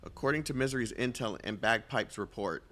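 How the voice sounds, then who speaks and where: A man's voice: medium pitch, a little fast, a bit bright. A man streaming a game, chatting casually and reading dialogue aloud, rambling and self-mocking as he stumbles over names.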